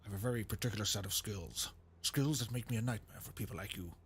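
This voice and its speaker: A man putting on the voice of a stern middle-aged man making a calm, menacing threat in a low, slow voice. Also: slightly rough.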